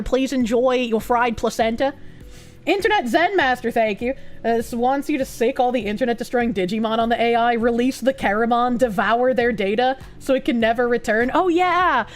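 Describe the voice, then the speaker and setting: A woman streamer giving casual reaction commentary, talking fast with sarcastic, profane remarks. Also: fairly high pitch.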